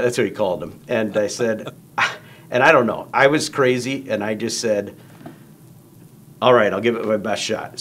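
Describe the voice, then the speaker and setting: A man telling a long story in casual conversation, acting out quoted lines in raised voices. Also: fairly low pitch. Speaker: guest storyteller.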